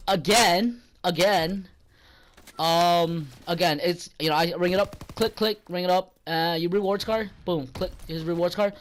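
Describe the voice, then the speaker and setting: A young man who runs a gaming channel, his voice sitting high with a little hiss or hum, tells a casual, profane, rambling story about a rude customer at work. He gets heated whenever he quotes himself.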